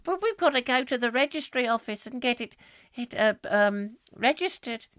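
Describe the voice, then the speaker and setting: A man voicing a fussy, flustered wife in an improvised comic sketch, in a fluttery falsetto that dithers over its words. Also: lively intonation, normal speed, a bit bright, dry recording. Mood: fussing. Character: fussy Victorian-style wife, shrill and flustered.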